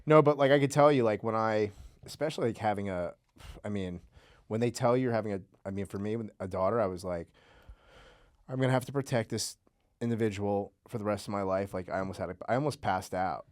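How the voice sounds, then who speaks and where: A man's voice: on the low side, fast talker, no echo, studio quality. A man hosting a comedy podcast, talking in a laid-back, rambling way. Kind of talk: casual chat.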